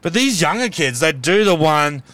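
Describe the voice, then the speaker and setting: A man's voice: on the high side, sing-song, moderate pace, bright, forceful tone, no room sound. A man with an Australian accent hosting a casual podcast chat in a car, rambling and laughing often. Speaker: podcast host. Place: inside a car.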